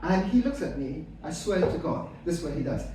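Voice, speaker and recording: A middle-aged man from Afghanistan doing stand-up comedy with dry, deadpan delivery, full of hesitant fillers and some crowd work. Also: a little high, fairly quick, slight background noise. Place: comedy club stage. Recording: echoey room mic heard from a distance.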